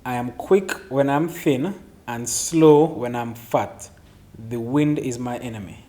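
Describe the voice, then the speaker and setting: A man hosts a relaxed chat with friends, reading out riddles in an even, mid-pitched voice. He teases the others and laughs often. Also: slow. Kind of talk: casual chat.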